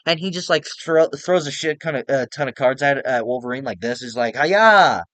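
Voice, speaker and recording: Young man, casual movie review rant, exasperated, profane, mid pitch, dry close sound. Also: fairly even intonation, fairly quick, dry recording. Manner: profane, exasperated, rambling with lots of "like".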